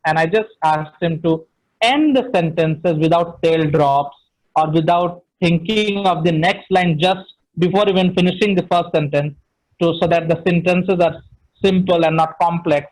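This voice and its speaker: A man's voice: on the high side, moderate pace, darkish tone, rough recording. A middle-aged man with an Indian English accent, giving an online training session on speaking, emphatic and full of "you know" fillers.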